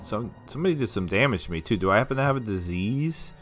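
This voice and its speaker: A man with a somewhat low voice rambles through casual let's-play commentary, talking to himself and laughing often. Faint game music plays underneath. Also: animated, quick pace, fairly bright tone. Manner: chatty, rambling self-talk with frequent laughs. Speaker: gameplay commentator.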